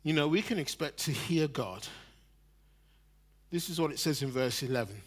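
A man in his sixties delivers a sermon in a slightly higher-than-average voice. He swings from loud, emphatic lines to soft, near-whispered ones, and laughs at his own stories as he goes. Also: lively intonation, normal speed. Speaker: preacher.

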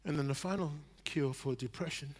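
A man's voice: fairly high pitch, a little fast. Man preaching a sermon. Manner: swings between loud emphasis and near-whispers, laughing at his own stories.

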